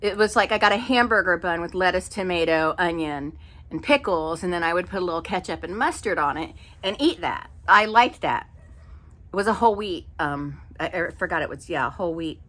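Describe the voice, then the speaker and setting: A middle-aged woman telling a story in an exasperated, animated casual rant with many fillers. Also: fairly low pitch, moderate pace. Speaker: vlogger. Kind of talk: casual ranting monologue.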